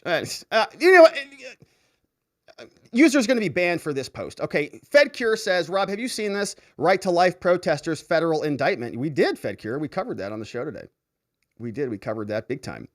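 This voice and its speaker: A man hosting a livestream, casually reading viewer comments aloud and reacting with frequent laughter. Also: medium pitch. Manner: animated, laughs often, reads comments aloud. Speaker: show host reading live chat.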